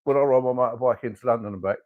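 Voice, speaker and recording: A man's voice: medium pitch, very fast, narrow, tinny audio. A man co-hosting a comedy podcast in casual chat, joking and laughing often. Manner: jokey, laughs often, playful. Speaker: podcast co-host.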